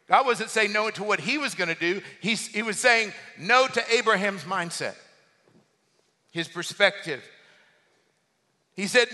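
Male pastor, high and very bright voice, animated sermon delivery, long hall reverb. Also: measured pace, long pauses. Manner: animated preaching, rising to near-shouts.

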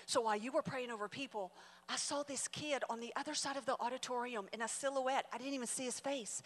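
Animated woman preacher in a reverberant hall. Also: sits high, quick pace. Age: 40s. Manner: animated, swinging from soft asides to loud exclamations. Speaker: guest preacher. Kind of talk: sermon with storytelling. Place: church auditorium.

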